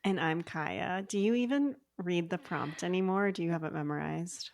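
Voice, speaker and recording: Lower-voiced woman in rambling podcast chat. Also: moderate pace, creaky, darkish tone. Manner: rambling, many "like" fillers. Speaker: podcast co-host. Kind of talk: casual chat.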